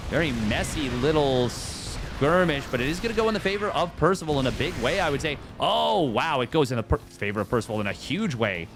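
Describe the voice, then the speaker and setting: A man casting a strategy game tournament on his own, jokey and excitable, riffing between plays. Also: fairly high pitch, fairly quick, few pauses. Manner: jokey, excitable, riffs and sing-songs. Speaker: esports caster. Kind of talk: solo game commentary.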